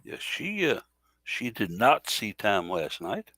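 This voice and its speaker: A man co-hosting a casual sports podcast, talking in a halting way with many fillers and self-corrections. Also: lowish voice, big pitch swings, sharp tone, no echo. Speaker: podcast co-host.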